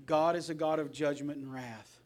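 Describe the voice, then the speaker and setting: A middle-aged male pastor, preaching a Sunday sermon that swings between loud passion and soft earnestness. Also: fairly high pitch, steady tone, normal speed.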